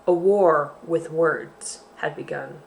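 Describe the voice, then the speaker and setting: A woman hosting a library storytime for children, reading a picture book aloud in an expressive, sing-song way. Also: deep voice, takes it slowly, gravelly, a little hiss or hum.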